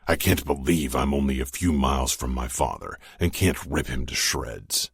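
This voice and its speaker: A man's voice: rumbling low, moderate pace, gravelly, breathy edge, dry recording, full character voice. A man voicing a weary, sarcastic young enforcer, dry and resigned in tone. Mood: wry.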